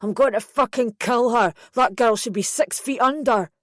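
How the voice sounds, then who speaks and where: A woman's voice: fairly high pitch, moderate pace, dry recording, close to an everyday voice. A woman narrator plays a furious teenage boy bellowing threats in the background. The read is dry and close to the mic. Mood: enraged. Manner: shouting, vicious threats. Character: enraged teenage brother shouting threats. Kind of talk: audiobook narration.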